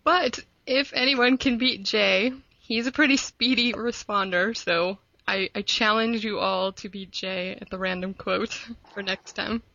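A woman's voice: mid-range voice, fairly even intonation, unhurried, vocal fry, hardly any pauses, bright, forceful tone, no room sound, lo-fi sound. A woman hosting a casual book podcast, laughing often as she chats. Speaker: podcast host.

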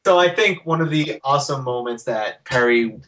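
A man's voice: mid-range voice, animated, moderate pace, fairly bright tone, rough recording. A man co-hosting a fan podcast in casual chat, teasing and joking with his co-hosts. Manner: jokey, teasing, puts on silly bits. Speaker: podcast co-host.

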